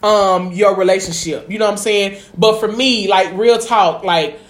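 A woman's voice: medium pitch, normal speed. A woman chatting casually as a podcast co-host, peppering everything with "you know what I'm saying" and swearing freely. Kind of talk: casual chat. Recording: echoey room.

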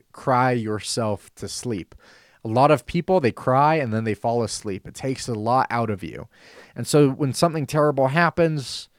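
Male talk-show host, earnest and deliberate, repeats for emphasis; dry booth sound. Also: mid-range voice, dry recording. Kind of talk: Christian talk show monologue.

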